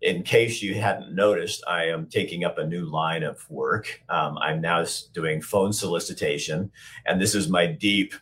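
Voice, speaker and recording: A man hosting a live talk show, chatting casually and rambling, with a slightly hoarse voice and plenty of fillers and restarts. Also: low-pitched, unhurried, few pauses, fairly bright tone, slight background noise. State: a bit hoarse.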